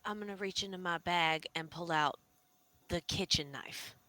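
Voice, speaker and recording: A woman's voice: on the low side, normal speed, bright, forceful tone, dry recording. A woman playing a tabletop horror game, speaking emotionally and dramatically. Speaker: player.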